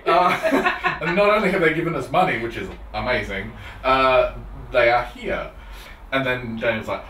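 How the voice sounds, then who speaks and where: A man, an event organiser, recalling the start of a premiere in an excited interview. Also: medium pitch, normal speed, slight background noise. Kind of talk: casual interview anecdote. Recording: roomy and distant.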